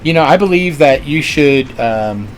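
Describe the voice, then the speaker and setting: A man's voice: on the high side, animated, a little slow, faint music behind. Earnest storytelling man. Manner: earnest storyteller, many fillers and restarts. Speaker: restaurant co-owner. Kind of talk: casual interview chat.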